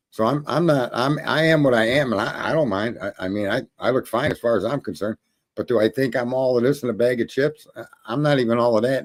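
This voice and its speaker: A middle-aged man telling a long story in a crude, swaggering, casual way, swearing often and laughing at his own jokes. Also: medium pitch. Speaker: show host telling a story.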